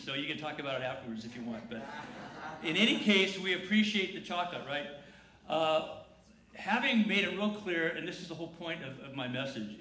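The pastor's voice runs on the high side with a sharp tone as he preaches on Easter in a large church. He jokes and talks conversationally, leading the congregation in call-and-response, heard in an echoey room with faint noise.

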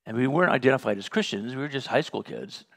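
A man's voice: medium pitch, animated, fast talker, vocal fry. A man leading a Bible study in a conversational teaching style, telling personal stories and acting out the dialogue with a chuckle. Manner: storytelling, acts out remembered dialogue, chuckles.

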